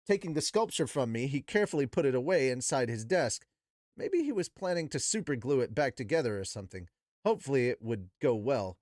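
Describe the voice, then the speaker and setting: Man reading a novel aloud with profane asides, lively pitch, dry close mic. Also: fairly quick, no echo. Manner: animated, profane, laughing asides. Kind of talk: book reading with casual commentary.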